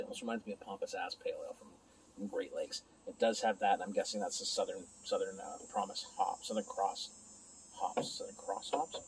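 A man's voice: high-pitched, gravelly, a little mellow, slight background noise, low-quality recording. A man casually reviewing a beer alone at home, rambling and chatting to his viewers and to himself.

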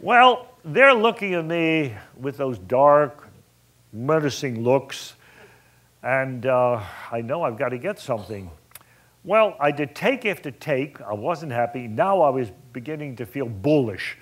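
With a medium pitch and a slightly slow delivery, a male film director entertains an audience with an anecdote. He's a vivid, lively narrator who performs snippets of the dialogue himself.

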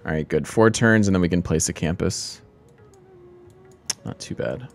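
A man's voice: low-pitched, normal speed, creaky, faint music behind. A man hosting a strategy game let's play, thinking aloud in casual commentary, often laughing at himself.

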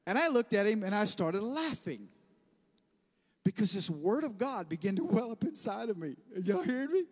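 A man, preaching a sermon as pastor and telling stories in an animated way, calling the congregation for amens. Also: high voice, moderate pace. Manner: animated storytelling, bursts of loud laughter; preacher who calls for amens. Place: church sanctuary. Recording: long church-hall reverb.

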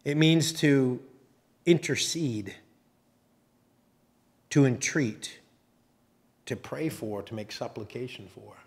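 A man preaching a sermon as pastor, talking in a conversational, halting way with restarts and teasing asides. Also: medium pitch. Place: church sanctuary.

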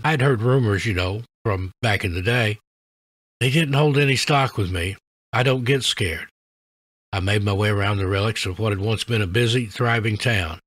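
A man's voice: lowish voice, fairly bright tone, no echo. A man reading as a shaken local recalling a haunting. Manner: shaky, read-aloud first-person account.

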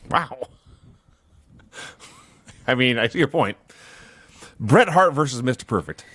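A man co-hosting a podcast, recapping a story for listeners in a relaxed way. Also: mid-range voice, takes it slowly, breathy edge, no echo. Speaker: podcast co-host. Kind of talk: casual chat.

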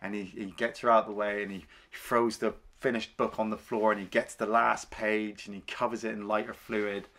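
A man's voice: lowish voice, little pitch movement, moderate pace, few pauses, a bit bright. A man co-hosting a film review podcast, casually retelling scenes and acting out the characters' lines.

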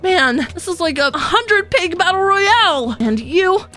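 A woman gaming YouTuber playing through Minecraft, chatty and excitable, gasping at her wins. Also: very high voice, unhurried. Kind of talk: Minecraft let's play with roleplay. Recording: faint music underneath.

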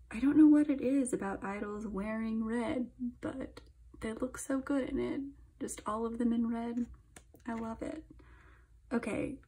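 Gushing young woman, husky mellow voice. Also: a little high. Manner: gushing, chatty, drifts into soft whispers. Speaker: K-pop album reviewer. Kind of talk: casual unboxing commentary.

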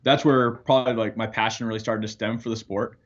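A man's voice: medium pitch, flat delivery, fairly quick. A man, an air force firefighter, talking earnestly as a guest over a video call, with fillers. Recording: dull lo-fi video call audio.

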